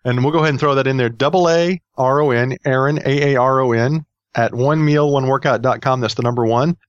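A man's voice: mid-range voice, fairly even intonation, fairly quick, clear, resonant tone, no echo, dull audio. A man hosting a casual podcast, rambling and joking with many fillers. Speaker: podcast host.

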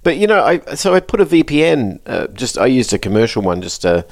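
A man's voice: medium pitch, big pitch swings, brisk, no room sound, clean studio sound. A man co-hosting a podcast in a casual chat, talking freely and laughing as he complains. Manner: chatty, laughs while complaining. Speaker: podcast co-host.

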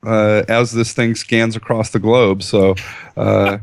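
A man's voice: fairly low pitch, little pitch movement, takes it slowly, vocal fry, no room sound. A man co-hosting a tech podcast, explaining in a rambling, chatty way with frequent restarts and chuckles. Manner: rambling, self-correcting, chuckling. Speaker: podcast co-host. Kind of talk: casual chat.

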